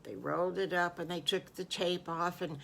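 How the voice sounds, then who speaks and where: Older woman, fond children's storyteller, slightly low voice, chatty. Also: fairly even intonation, moderate pace, creaky, slight background noise. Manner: warm, doting, chatty with fillers.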